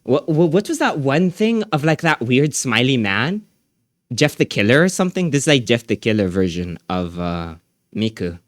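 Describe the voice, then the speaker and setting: A man's voice: medium pitch, very animated, normal speed, dry recording, clean studio sound. A young man streaming live, chatting casually in a rambling, slangy way with lots of restarts.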